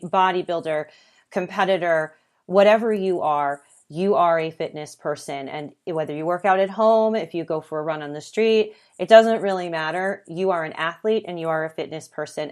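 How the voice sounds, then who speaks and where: A woman hosting her own podcast, talking earnestly and conversationally, with lists and the occasional filler. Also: fairly low pitch. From United States. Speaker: podcast host. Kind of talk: solo podcast monologue.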